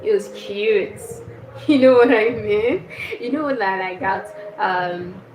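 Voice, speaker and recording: A woman's voice: mid-range voice, slow, a little mellow, soft background music. A young woman chatting casually on a livestream, telling a story and laughing often. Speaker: livestream host. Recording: echoey room with clear background noise.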